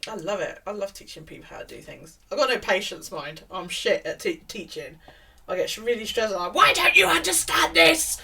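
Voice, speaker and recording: A middle-aged woman with a husky voice talks casually while she knits. She chats in a relaxed way, drops in the odd swear word, and hushes her voice when she quotes other people. She sits a little back from the microphone. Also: on the low side, fairly quick. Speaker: knitting vlogger. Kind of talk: casual chat while knitting. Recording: voice a bit far from the mic.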